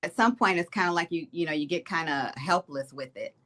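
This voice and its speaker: A woman's voice: low-pitched, brisk, fairly bright tone. Earnest woman telling her personal story. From Detroit, Michigan. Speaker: state representative, guest. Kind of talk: personal testimony in an interview.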